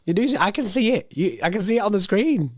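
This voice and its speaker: Young man, hoarse, laid-back rambling, dry close mic. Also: sits high, very animated, normal speed, no room sound. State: hoarse, voice going. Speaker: football channel host reading live chat. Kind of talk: casual live-stream chat.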